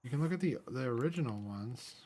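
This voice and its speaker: A man's voice: mid-range voice, expressive, quick pace, mellow. A young man hosting a gaming channel, rambling casually and cheerfully as he plays. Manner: rambling, chatty, easily amused. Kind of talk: casual let's-play commentary. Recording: game music playing underneath. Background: background game music.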